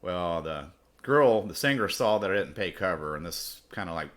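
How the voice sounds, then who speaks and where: A man's voice: deep voice, animated, moderate pace, a bit bright. A man telling a rambling, profane personal story as host of his podcast. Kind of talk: casual storytelling.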